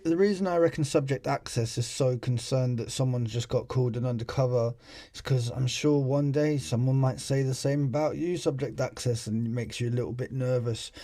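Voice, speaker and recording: A man's voice: medium pitch, dark tone. A British man casually commentating over a video clip he plays for viewers, talking in a sarcastic way full of rhetorical questions. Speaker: channel host.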